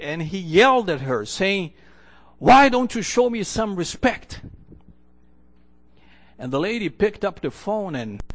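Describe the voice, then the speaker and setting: A man preaching a sermon in an earnest, storytelling way, often restarting his phrases. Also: fairly high pitch. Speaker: pastor.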